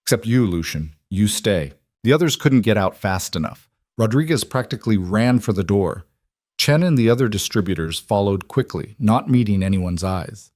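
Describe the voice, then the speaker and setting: Male narrator, steady scripted delivery, low and dry. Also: moderate pace, no room sound.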